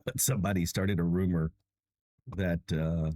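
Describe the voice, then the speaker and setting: A man's voice: sits low, fairly even intonation, moderate pace, dark tone, no echo, studio quality. A tired young man hosting a livestream, chatting casually with viewers in a self-mocking way and laughing often. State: tired and achy. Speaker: livestream host.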